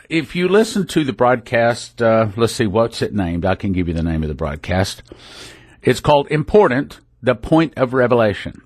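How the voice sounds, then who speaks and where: A man's voice: lowish voice, no room sound. A man hosting a religious radio program, talking in a folksy, rambling way that often breaks off and restarts. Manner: folksy, rambling, self-interrupting. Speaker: radio ministry host. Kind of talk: casual religious radio talk. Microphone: studio microphone.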